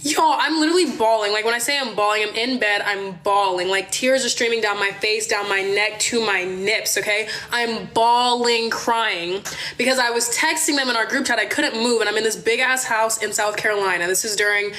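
Chatty young woman from Maryland, animated. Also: fairly high pitch, normal speed. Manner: animated, chatty, swears, addresses viewers as y'all. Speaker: livestream host. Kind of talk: casual livestream storytelling. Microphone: phone.

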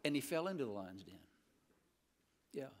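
Animated Midwestern pastor preaching. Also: male voice, medium pitch, normal speed. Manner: animated preaching with humorous stories. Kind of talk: sermon. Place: church sanctuary.

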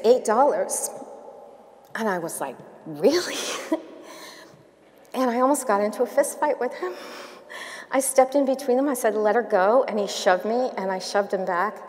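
A woman's voice: on the low side, a little mellow. Candid woman speaker in a reverberant hall. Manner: candid storytelling with laughs and asides. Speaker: keynote speaker. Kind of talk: conference keynote and Q&A. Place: large domed hall.

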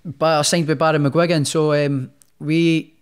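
A man's voice: a little high, little pitch movement, unhurried, smooth. Chatty man telling stories. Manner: chatty, rambling, many restarts. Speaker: guest, professional boxer. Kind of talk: casual storytelling in a podcast interview.

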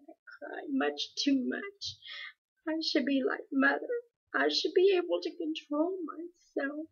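A miserable teenage girl, put on by a woman reading a storybook aloud, her voice trembling and close to tears. It sits a little higher than the reader's own and is bright and breathy. The recording is dull and lo-fi. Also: animated, measured pace, heavily acted. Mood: upset. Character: miserable teenage girl, tearful and self-doubting.

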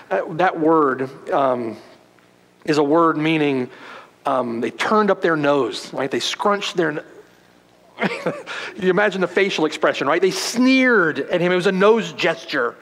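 A male pastor preaching a sermon, moving from loud, forceful emphasis to hushed, quiet passages. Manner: dramatic preaching, swinging from loud emphasis to hushed low tones. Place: church sanctuary. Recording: long hall reverb.

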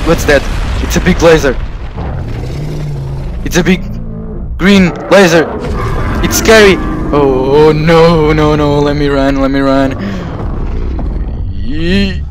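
A man in an in-character vlog over gameplay, playing a house owner and breaking into frightened, excited exclamations with stammered repeats. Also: mid-range voice, slow, long pauses, background noise.

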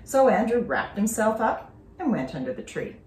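A woman teacher reading a children's story aloud with expressive, dramatic storytelling. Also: medium pitch, moderate pace. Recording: roomy, distant from mic.

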